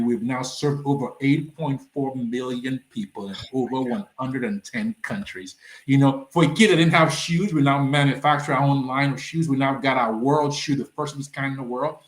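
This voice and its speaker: A man from Nigeria, a nonprofit founder, telling his story as a podcast guest and acting out the dialogue with big swings in pitch. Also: echoey room. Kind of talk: animated storytelling in a podcast interview.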